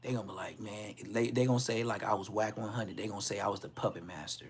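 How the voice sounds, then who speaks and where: A man's voice: lowish voice, fairly even intonation, fast, a little hiss or hum. A man casually telling a personal story on a podcast, laid-back and heavy on slang, acting out the people he quotes. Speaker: podcast host.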